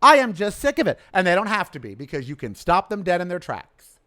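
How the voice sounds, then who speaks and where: A man hosting his own podcast, delivering a fiery, blunt monologue that keeps swinging between quiet and loud. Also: high voice, very animated, a little fast. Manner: fiery, blunt, ranting with big swings in loudness. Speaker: podcast host.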